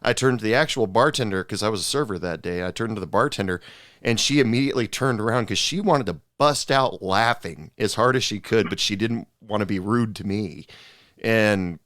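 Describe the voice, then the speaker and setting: Podcast host guy, lowish smooth voice, dry close mic, lots of uhs. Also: no room sound. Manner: relaxed, halting, many fillers and restarts. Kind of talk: casual chat.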